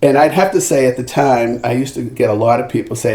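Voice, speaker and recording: Older man telling animated stories. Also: mid-range voice, quick pace. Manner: animated anecdotes with acted-out quotes and frequent restarts. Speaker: singer-songwriter guest. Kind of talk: storytelling in a podcast interview. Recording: roomy echo.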